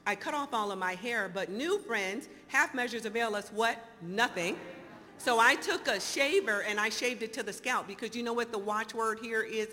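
A woman in her fifties telling her recovery story to an audience in an animated, storytelling way, acting out the dialogue. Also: fairly high pitch, moderate pace. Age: 50s. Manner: animated storyteller, acts out dialogue, laughs often. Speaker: speaker sharing recovery story. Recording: hall reverb, faint noise.

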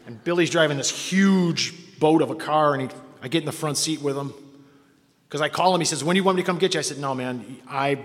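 A man from Cleveland, Ohio tells a meeting about his own recovery, wry and self-mocking, acting out the people he quotes. His voice is on the high side and fairly quick, and the hall adds long reverb.

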